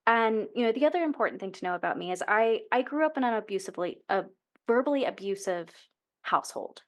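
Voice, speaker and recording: A woman in her thirties, guesting on a podcast, candidly shares a personal story in an earnest, emotional way and often restarts her sentences. Her voice is a little high, animated and fast.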